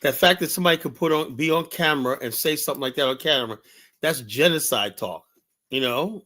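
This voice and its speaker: A man's voice: on the high side, brisk, bright, forceful tone. A man hosting a reaction commentary stream, talking emphatically and repeating his points. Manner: emphatic, repetitive. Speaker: host.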